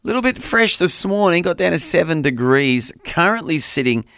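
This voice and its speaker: A man's voice: fairly high pitch, lively intonation, normal speed, creaky, fairly bright tone, no echo, clean studio sound. A man co-hosting a breakfast radio show, chatting with enthusiasm. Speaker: radio co-host. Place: radio studio. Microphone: studio microphone.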